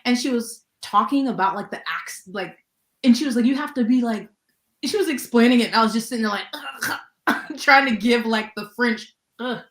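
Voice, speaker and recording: A woman's voice: fairly high pitch, fairly quick, a bit bright. A woman in casual chat on a book club stream, rambling and laughing, with a lot of "like" in her speech. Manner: chatty, lots of "like" and laughter. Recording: roomy echo.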